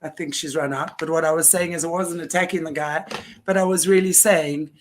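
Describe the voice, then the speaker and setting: A woman's voice: deep voice, fairly even intonation, brisk. Emphatic woman host telling a story. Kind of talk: conversational interview.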